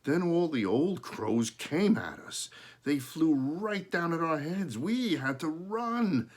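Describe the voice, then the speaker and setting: A man reading aloud, voicing a lively, chatty little girl. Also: fairly high pitch, slow, voice pushed up, full character voice. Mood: excited.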